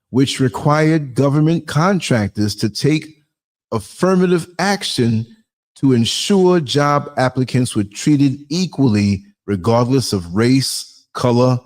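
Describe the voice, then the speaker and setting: A man's voice: medium pitch, a little mellow. Man, livestream host, chatty, laughs a lot, reads chat. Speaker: podcast host. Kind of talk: casual livestream talk.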